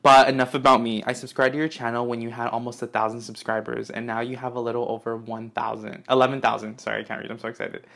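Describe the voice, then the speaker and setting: Gushing young man swearing excitedly. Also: mid-range voice, fast, creaky, hardly any pauses. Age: young adult. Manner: gushing, swears a lot, gasps and squeals. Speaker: YouTuber unboxing fan mail. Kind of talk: excited casual vlog.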